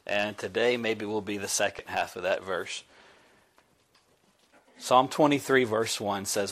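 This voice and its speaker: A man's voice: fairly low pitch, measured pace, long pauses, fairly bright tone. A male pastor preaching, praying earnestly and then reading a story aloud to his congregation. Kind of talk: sermon with prayer and read-aloud story.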